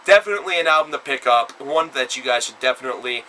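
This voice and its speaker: Male reviewer, very bright and forceful tone, rambling, filler-heavy, breaks into loud emphatic bursts. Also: mid-range voice, expressive, fast, slight background noise, rough recording. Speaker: album reviewer. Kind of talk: casual spoken review.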